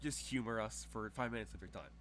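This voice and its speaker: A man's voice: lowish voice, fast talker, a bit bright, a little hiss or hum, natural voice. A man voicing a tired male agent who coaxes someone in a plain, everyday voice. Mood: weary.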